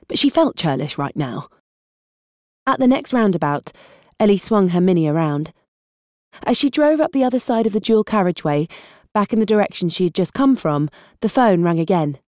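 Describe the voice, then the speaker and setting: A woman with a British accent reading an audiobook in an even, wry storytelling manner. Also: on the low side, normal speed, no echo, studio quality. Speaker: audiobook narrator. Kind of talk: scripted narration.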